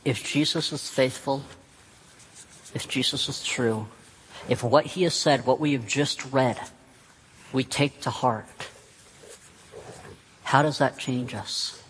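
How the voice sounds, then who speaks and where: Brief: unhurried male pastor preaching, earnest and repetitive, long hall reverb. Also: medium pitch, a bit bright, slight background noise. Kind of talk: sermon.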